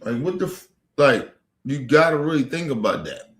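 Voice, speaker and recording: A man's voice: mid-range voice, sing-song, normal speed, fairly bright tone. A man hosting a live stream, telling a personal story to his viewers in a blunt, profane, rambling way. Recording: echoey room.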